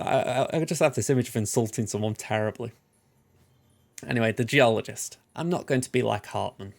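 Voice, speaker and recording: A man's voice: mid-range voice, vocal fry. A young man casually commenting while playing a video game, chatty and self-deprecating. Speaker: let's play host.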